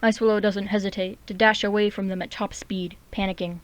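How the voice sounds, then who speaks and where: A woman reading her own story aloud as a steady, clear narrator. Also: mid-range voice, a little fast, no room sound.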